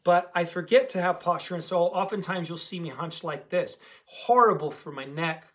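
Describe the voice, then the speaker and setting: A man's voice: high-pitched, normal speed, a bit bright. A man coaching a diet program community in a casual, emphatic talk to camera, repeating key words for stress.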